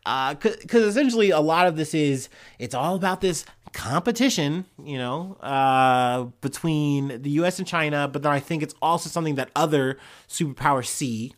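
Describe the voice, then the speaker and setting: A man's voice: a little high, normal speed. A man hosting a podcast, giving casual solo news commentary in a rambling, sarcastic way, with lots of fillers and swearing. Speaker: podcast host.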